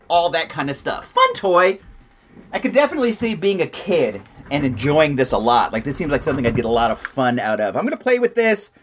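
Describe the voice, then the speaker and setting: A man hosting a podcast, chatting casually and excitedly as he reviews a toy and makes playful sound effects. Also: medium pitch. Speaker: podcast host.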